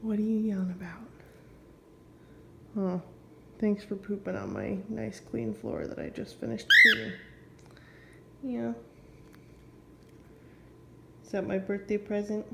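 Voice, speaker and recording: A woman at home talking to her pet bird, gently scolding and teasing it. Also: mid-range voice, sing-song, measured pace, vocal fry, long pauses. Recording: loud background noise.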